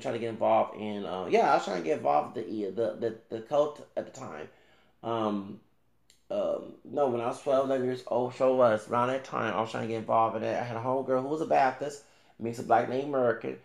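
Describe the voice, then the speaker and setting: A man's voice: mid-range voice, vocal fry, darkish tone, echoey room. A man ranting casually to camera as a YouTuber, rambling with many restarts and fillers and talking back directly to another creator.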